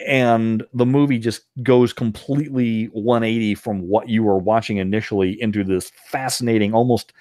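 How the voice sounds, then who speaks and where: A man co-hosting a podcast, chatting casually and retelling scenes with lively put-on voices. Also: fairly low pitch, moderate pace, few pauses, no room sound, clean studio sound. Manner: animated storyteller, puts on silly voices when retelling scenes. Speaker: podcast co-host. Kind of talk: casual chat.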